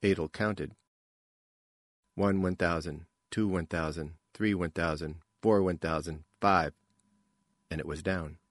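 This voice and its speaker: A man narrating an audiobook in an unhurried, expressive manner. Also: deep voice, no echo, studio quality. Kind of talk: scripted narration.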